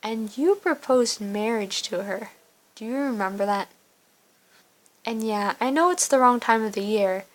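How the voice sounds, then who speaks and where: A woman's voice: a little high, measured pace, close to an everyday voice, low-quality recording. A woman voicing a young man in a game story, an earnest fire-wielding suitor with a teasing, eager-to-please way of talking.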